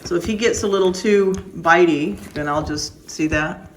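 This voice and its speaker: Woman dog breeder, lowish voice, firm and emphatic, casual vlog, faint room noise behind. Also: steady tone, normal speed, low-quality recording. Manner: firm, plain-spoken, emphatic.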